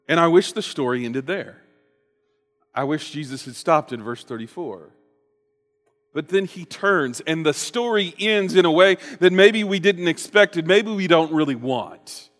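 A man preaching a sermon as pastor, telling a story in a lively way and acting out the quotes. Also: fairly high pitch, big-room sound. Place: church sanctuary.

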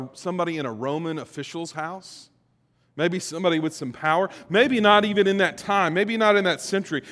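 Man, pastor, sermon, high voice, long hall reverb, expressive, loud and soft swings. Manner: expressive, swings between loud emphasis and quiet reflection, acts out quotes.

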